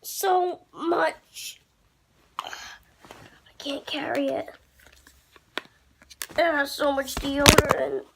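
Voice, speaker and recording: A man's voice: extremely high pitch, fairly even intonation, very slow, creaky, pauses often, noisy background, heavily acted. A man voicing a self-pitying puppet father in a homemade puppet comedy, complaining in a whiny way. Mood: silly.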